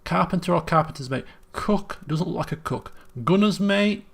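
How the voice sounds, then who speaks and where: A man's voice: high-pitched, moderate pace, creaky. A man, thinking aloud as he streams a puzzle game, muttering guesses and restarting sentences. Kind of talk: casual gameplay commentary.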